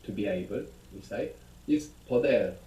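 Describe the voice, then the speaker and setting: Mellow male teacher on echoey playback. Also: on the low side, lively intonation, normal speed, far from the mic. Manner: patient, explanatory, guiding questions. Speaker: language teacher. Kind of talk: recorded audio lesson. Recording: echoey audio played from a speaker across a room.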